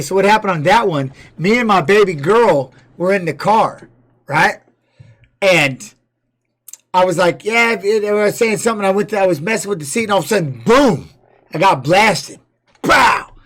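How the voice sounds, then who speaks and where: A man with a high voice talks on a livestream in a loose, rambling way, swearing freely. He shifts between commenting on a fight and telling candid stories from his own life. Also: expressive, moderate pace, a bit bright. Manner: candid personal storytelling. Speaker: streamer and former fighter. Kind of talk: casual livestream chat.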